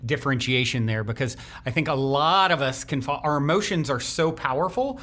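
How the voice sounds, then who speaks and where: A man's voice: medium pitch, expressive, fairly quick, fairly bright tone. A man hosting a podcast, talking loosely in a rambling way with many restarts. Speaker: podcast host. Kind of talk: conversational podcast interview.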